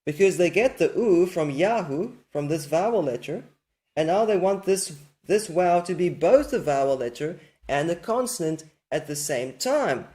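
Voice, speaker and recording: A man's voice: fairly high pitch, animated, normal speed, warm tone. A man giving a patient, explanatory lecture on Hebrew grammar, often asking rhetorical questions and checking that listeners follow. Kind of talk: explanatory lecture over slides.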